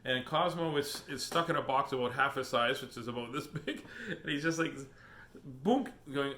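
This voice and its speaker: A man's voice: mid-range voice, expressive, moderate pace, sharp tone. A man hosting a live children's book reading stream, chatting in a silly, playful, joking way. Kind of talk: casual live-stream chat. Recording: echoey room.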